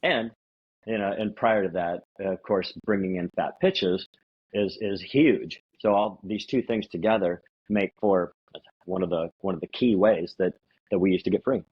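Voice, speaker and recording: Man, podcast host, husky voice, halting delivery, muffled lo-fi sound. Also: low-pitched. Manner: rambling, halting, with restarts. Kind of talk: casual podcast chat. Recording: dull lo-fi audio.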